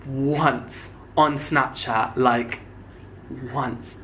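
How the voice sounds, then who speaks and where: A young man in his twenties chats straight to camera as a YouTuber, recounting stories with lots of animation. His pitch sits in an ordinary middle range. He slips into the voices of the people he quotes. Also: drawn-out words, a little hiss or hum. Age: 20s. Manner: animated, acts out quoted dialogue. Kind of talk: casual storytelling to camera.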